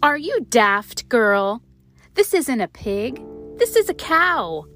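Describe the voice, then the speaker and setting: A woman's voice: mid-range voice, big pitch swings, slow, fairly bright tone, faint music behind. A woman voicing a greedy, scowling male tax collector who talks curtly and with scorn. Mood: scornful. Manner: curt, scornful, impatient.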